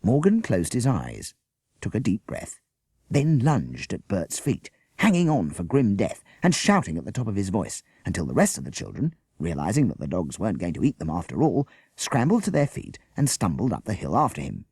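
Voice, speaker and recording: Lively, gravelly male storyteller. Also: on the low side, moderate pace, no room sound, clean studio sound. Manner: lively, expressive reading. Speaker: audiobook reader. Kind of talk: storybook narration.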